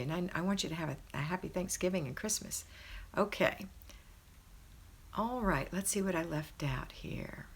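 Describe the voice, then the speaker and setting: A middle-aged homemaking livestreamer, speaking in a husky mid-range voice, reads viewer comments from inside her parents' house. She responds warmly, encouraging and cheerleading her audience.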